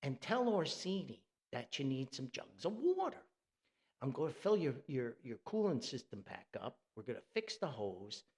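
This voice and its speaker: A man doing a gruff, bossy old dad. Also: medium pitch, wildly swooping pitch, normal speed, a little mellow. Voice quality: blunt, bossy. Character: gruff confident father, backyard mechanic.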